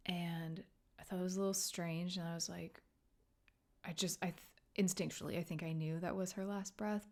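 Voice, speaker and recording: Woman hosting a solo podcast, halting and teary, lots of near-whispers, a bit of vocal fry. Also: on the low side. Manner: soft, halting and tearful, often dropping to a whisper. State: emotional, near tears. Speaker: podcast host and grief coach. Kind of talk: personal solo podcast monologue.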